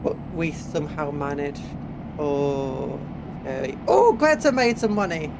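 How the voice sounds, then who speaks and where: High-voiced sniffly English male streamer. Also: sing-song, measured pace, creaky. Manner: chatty, reads chat aloud, hums little tunes while driving. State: sniffly from hay fever. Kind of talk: casual gameplay live-stream chat. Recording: game truck engine noise underneath.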